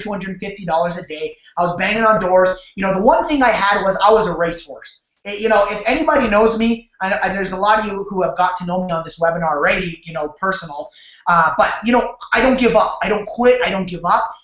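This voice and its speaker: A man from Canada hosting a sales webinar over a video call, telling his story in an energetic, repetitive way and talking straight to his audience. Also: sits high. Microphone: webcam or computer mic on a video call. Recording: roomy, dull lo-fi webcam audio.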